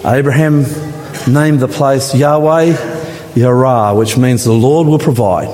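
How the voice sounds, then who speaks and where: A man preaching a dramatic sermon in a church, his voice rising higher and louder at the climaxes. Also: a little slow. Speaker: pastor. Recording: church hall with long reverb.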